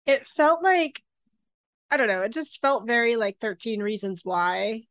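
A woman's voice: on the high side, expressive, measured pace, fairly bright tone. A woman co-hosting a podcast in casual chat, hesitant and full of fillers as she prompts her partner. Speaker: podcast co-host.

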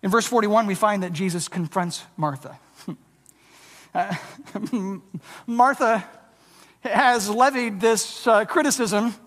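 In a church sanctuary with long hall reverb, a preacher delivers an earnest sermon, often stammering and restarting phrases. The voice is medium-pitched, slow and a bit bright, pausing often, and shifts into a changed voice to act out the lines it quotes.

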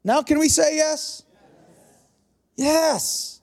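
High-voiced, fiery preaching man. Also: fairly even intonation, very slow, darkish tone. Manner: passionate, emphatic preaching with repetitions and asides to the congregation. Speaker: pastor. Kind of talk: sermon.

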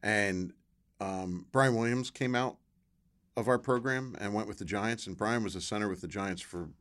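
Low-voiced middle-aged guy, ex football player, rambling interview story, acts out everyone he quotes. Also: moderate pace, fairly bright tone. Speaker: guest, former football player.

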